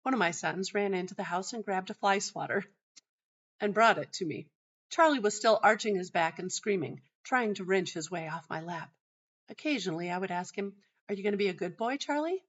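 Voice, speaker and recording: Calm woman telling a story, lo-fi. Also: lowish voice, normal speed. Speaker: host and teacher. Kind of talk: narrating a personal teaching anecdote. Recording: dull lo-fi sound.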